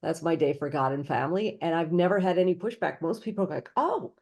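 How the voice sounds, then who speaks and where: A woman's voice: low-pitched, quick pace, dark tone. A woman hosting a casual interview podcast, upbeat and encouraging, laughing easily. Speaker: podcast host.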